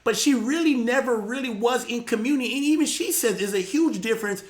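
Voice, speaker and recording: Animated preaching man, echoey room. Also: very high-pitched, brisk. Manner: animated, repeats words, rising to shouts. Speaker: pastor hosting a live show. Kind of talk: casual preaching talk.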